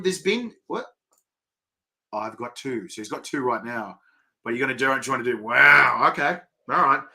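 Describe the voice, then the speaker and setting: A middle-aged Australian man hosting a casual live-stream interview, rambling excitably and reading viewer comments aloud. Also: a little high. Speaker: host.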